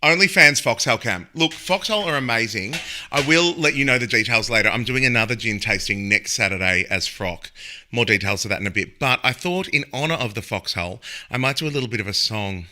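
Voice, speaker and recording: A man's voice: mid-range voice, animated, brisk, bright, forceful tone. A man hosting a cabaret show from home, chatting in a rambling way between plugs and asides. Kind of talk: chatty live-stream banter.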